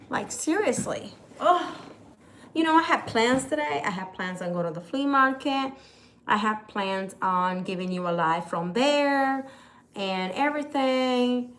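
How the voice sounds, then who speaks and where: A woman vlogging casually, retelling a mishap in an exasperated, animated way. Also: on the high side, takes it slowly. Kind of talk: casual vlog storytelling.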